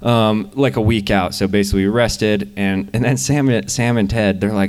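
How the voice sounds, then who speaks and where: Young guy, deep smooth voice, laid back, chatting at a live interview. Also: steady tone, normal speed, few pauses. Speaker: guest climber.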